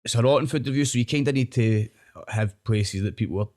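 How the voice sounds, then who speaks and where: A man's voice: medium pitch, fast talker, a little mellow. A young Scottish man, a podcast guest, rambling in casual chat and often tagging his sentences with "know what I mean".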